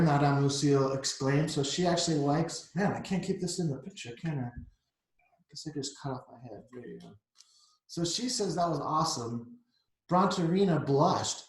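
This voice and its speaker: A man's voice: fairly high pitch, moderate pace. A middle-aged man reading a picture book aloud to children, chatty and explaining the pictures as he goes. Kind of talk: read-aloud storytime. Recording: echoey room.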